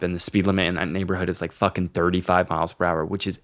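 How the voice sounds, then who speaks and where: A man's voice: deep voice, quick pace, hardly any pauses, no echo, studio quality. A young man co-hosting a podcast, telling stories casually with lots of swearing. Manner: swears a lot, animated storytelling. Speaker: podcast co-host. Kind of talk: casual chat.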